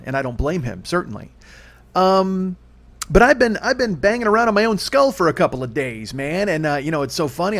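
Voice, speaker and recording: A man in his forties hosting a solo comedy podcast, rambling, swearing freely and poking fun at himself. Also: fairly high pitch. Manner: rambling, profane, self-deprecating. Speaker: podcast host.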